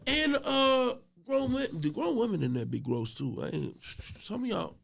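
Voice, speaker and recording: A middle-aged man, a podcast guest, telling a story in casual chat. He starts out laid-back and gets loud and laughing as the story builds. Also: very high voice, very animated, normal speed, creaky.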